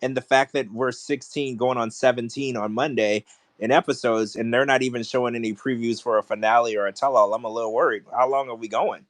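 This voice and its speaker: A man's voice: mid-range voice, fairly even intonation, fairly quick, no room sound. A man co-hosting a podcast, ranting in casual chat with strong opinions. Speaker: podcast co-host.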